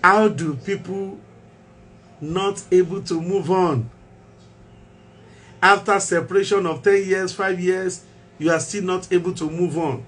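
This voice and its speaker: A man's voice: high-pitched, steady tone, measured pace, long pauses, fairly bright tone. Emphatic male mental health show host. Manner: emphatic, repeats key phrases, rhetorical questions.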